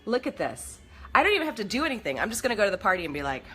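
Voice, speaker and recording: A woman's voice: medium pitch, sing-song, rapid-fire, fairly bright tone, soft background music. A woman hosting a casual live makeup stream from home, chatty and bubbly as she talks to her viewers. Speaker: makeup livestream host.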